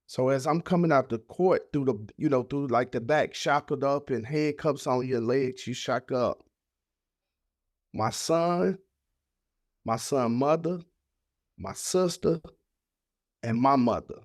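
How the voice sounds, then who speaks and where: A man's voice: mid-range voice, measured pace, long pauses, dry recording, studio quality. A man, a podcast guest, telling an emotional personal story in casual, heartfelt speech. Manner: casual, heartfelt, acts out voices of family in his story.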